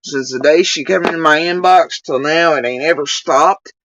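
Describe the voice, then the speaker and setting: A woman's voice: sits low, moderate pace, fairly bright tone, far from the mic, slight background noise, rough recording. A woman ranting heatedly on a livestream, swearing often as she vents. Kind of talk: livestream rant.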